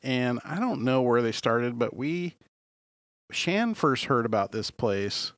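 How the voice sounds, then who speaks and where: A man co-hosts a podcast in rambling casual chat, with a wry, deadpan way of joking. His voice is mid-pitched. The recording is dry and close. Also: takes it slowly, clear, resonant tone, no echo. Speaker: podcast co-host.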